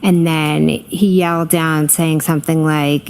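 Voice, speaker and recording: A middle-aged woman gives courtroom testimony in a deep, gravelly voice. She hesitates often, filling gaps with ums, and keeps her answers short, with a faint hiss under her speech. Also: steady tone, a little slow, darkish tone. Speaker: trial witness.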